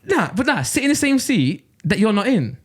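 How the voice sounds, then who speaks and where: A man's voice: high voice, sing-song, normal speed, slightly rough. A young man with a Nottingham accent, telling a rambling story on a casual podcast and laughing his way through it. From Nottingham, England. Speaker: podcast co-host.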